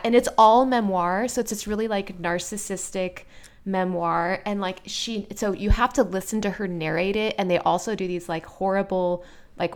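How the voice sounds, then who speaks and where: A woman co-hosting a casual chat, retelling a plot in an animated, blunt, dramatic way. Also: medium pitch. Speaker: podcast co-host.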